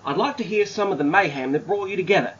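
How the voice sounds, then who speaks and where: A man's voice: sits high, fast talker, fairly bright tone, slightly rough, muffled recording, pitched above the performer's own voice. A man putting on a hammy mock Aussie accent.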